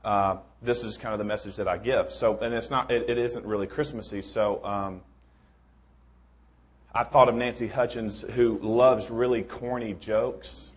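A man's voice: lowish voice, slightly rough. A man preaching a sermon in a casual, rambling way, with joking asides and many restarts.

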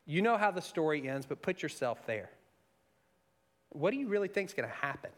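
Earnest preaching man, higher-pitched voice. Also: moderate pace. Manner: expressive, swings from soft and intimate to raised and emphatic. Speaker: pastor. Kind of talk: sermon.

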